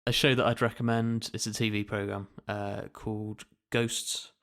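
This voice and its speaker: Gravelly, flat-voiced man. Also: fairly low pitch. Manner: flat, gravelly, with filler pauses. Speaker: podcast co-host. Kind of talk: casual chat.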